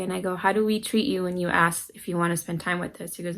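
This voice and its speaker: A woman's voice: on the low side, fairly even intonation, quick pace, vocal fry, hardly any pauses, fairly bright tone, rough recording. A middle-aged mother talking casually to camera with parenting advice, earnestly acting out her children's voices as she tells stories. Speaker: parenting vlogger.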